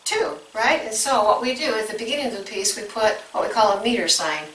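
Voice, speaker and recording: A woman with a bright, fairly high voice walks teachers through a music lesson step by step, now and then breaking into short sung examples. She sounds set back from the mic in an echoey room, with faint background noise. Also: brisk, far from the mic.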